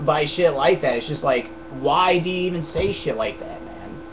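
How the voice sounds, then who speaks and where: A man's voice: on the high side, animated, moderate pace, hardly any pauses. A young man in a casual vlog, answering viewer questions in a blunt, profane, rambling way. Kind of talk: casual rant to camera. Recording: dull lo-fi webcam audio with noise.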